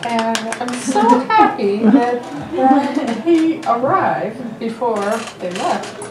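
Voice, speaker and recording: Slow, halting woman at a memorial dinner. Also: on the high side, sing-song. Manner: halting, fond, trails off. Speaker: relative sharing memories. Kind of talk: casual storytelling at a memorial dinner. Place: dinner gathering in a room. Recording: distant mic in an echoey, noisy room.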